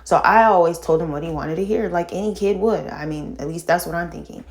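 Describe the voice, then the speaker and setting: A middle-aged woman telling a painful personal story in casual talk, halting and full of fillers and restarts, sighing and shaken. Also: fairly low pitch. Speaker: vlogger telling her own story.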